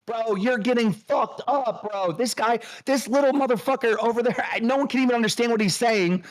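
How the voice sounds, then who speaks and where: A man hosting a livestream, scolding and mocking a co-host in a loud, profane rant. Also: very high voice, a little fast. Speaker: show host.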